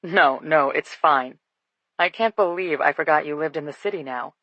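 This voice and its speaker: A woman voicing a deep-voiced young man who is relaxed and teasing, in a lowered, easygoing delivery for an audiobook. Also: normal speed, no echo, muffled recording.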